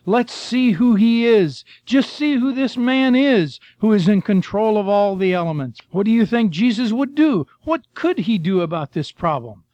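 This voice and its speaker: A man's voice: high-pitched, expressive, normal speed, few pauses, a little mellow, no echo. An older man preaching a sermon in a folksy storytelling way, reading Scripture and telling missionary stories. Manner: folksy, storytelling, addresses listeners as folks and friend.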